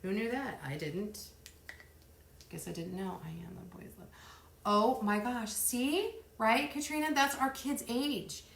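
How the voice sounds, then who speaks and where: Middle-aged woman, craft livestream host; gravelly edge, rambling chat, roomy sound. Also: on the high side, a little slow, a little hiss or hum. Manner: chatty and rambling, counting softly under her breath. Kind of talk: casual live chat while crafting. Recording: roomy echo.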